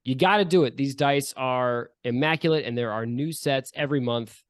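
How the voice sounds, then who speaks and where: A man's voice: mid-range voice, normal speed, dry recording, studio quality. A man hosting a tabletop podcast as game master, reading promos and ads in a rambling, chummy, self-mocking way. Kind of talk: casual podcast intro and ad read.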